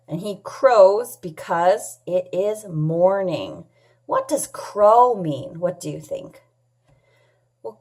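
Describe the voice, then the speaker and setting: A woman teaching a children's phonics lesson, sounding out letters and words clearly and patiently, asking questions and answering them herself. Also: medium pitch, a little mellow. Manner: patient, asks and answers her own questions. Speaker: English teacher.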